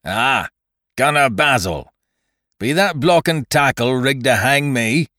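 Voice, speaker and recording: A man's voice: mid-range voice, animated, takes it slowly, pushed and bright, no echo, studio quality, voice pushed up. A man voicing a brutal, bruised male pirate leader who growls and roars his threats in an audiobook reading. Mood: roaring. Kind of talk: audiobook character voice.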